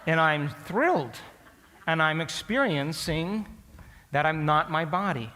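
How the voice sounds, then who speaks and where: An animated man tells a story to a live audience, his voice bright and forceful with a slightly higher pitch. He keeps drawing the listeners in with questions. A long reverb trails behind each phrase, as in a large hall. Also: measured pace. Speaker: speaker addressing an audience. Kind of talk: storytelling lecture.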